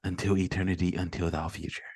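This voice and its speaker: A man voicing a mock old-fashioned suitor who talks in archaic 'thou' phrases, low and breathy. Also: flat delivery, fast talker, a little mellow, full character voice. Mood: mock-solemn.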